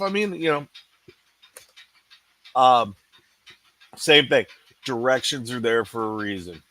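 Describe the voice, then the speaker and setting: A man's voice: medium pitch, big pitch swings, takes it slowly, long pauses, bright, forceful tone, no room sound. A man co-hosting a salon industry podcast, ranting in casual chat with frequent restarts. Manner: ranting, many restarts and "you know". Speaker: podcast co-host.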